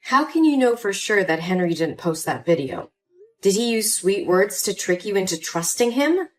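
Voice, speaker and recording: A woman's voice: mid-range voice, animated, moderate pace, soft background music, close to an everyday voice. A woman voicing an upset young adult daughter in a dramatized story, pleading and indignant. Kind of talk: scripted story voice acting.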